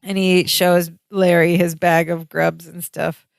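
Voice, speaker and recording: A woman's voice: lowish voice, little pitch movement, a little slow, gravelly, dry recording, studio quality. A woman co-hosting a podcast, casually narrating sitcom scenes and quoting the characters. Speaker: podcast co-host. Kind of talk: casual recap chat.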